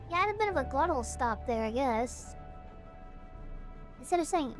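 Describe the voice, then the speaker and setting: A woman's voice: high-pitched, expressive, a little fast, faint music behind. A woman streaming a game live, rambling in a chatty, self-mocking way. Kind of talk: casual live gameplay chat.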